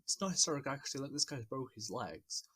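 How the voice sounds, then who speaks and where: A man's voice: medium pitch, lively intonation, fast talker, bright, forceful tone, husky. A man hosting a casual podcast chat, talking enthusiastically and rambling a little with fillers. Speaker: podcast host.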